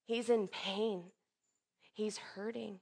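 A woman preaches an expressive sermon, swinging from loud, emphatic lines to soft, hushed ones. She acts out quoted speech with sudden bursts, and her mid-range voice is slow and creaky.

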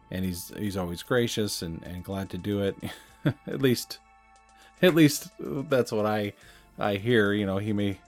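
A man's voice: fairly low pitch, darkish tone. A man hosting a podcast, talking in a reflective, conversational way and chuckling at himself now and then. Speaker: podcast host. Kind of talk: casual chat.

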